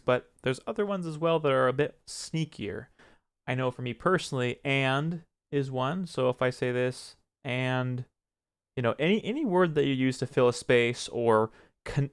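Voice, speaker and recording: A young man, a streamer, talking casually to camera and giving advice. He is reflective, pauses often to choose his words, and is self-critical about how he speaks. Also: medium pitch, smooth. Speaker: streamer and video creator.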